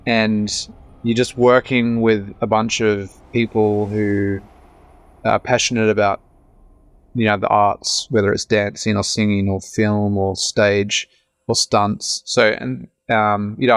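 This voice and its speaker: A man's voice: lowish voice, level tone, slow pace, no echo. A man in his thirties with an Australian accent, an actor talking in a casual, rambling podcast interview. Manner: chatty, rambling with many restarts. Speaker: actor guest.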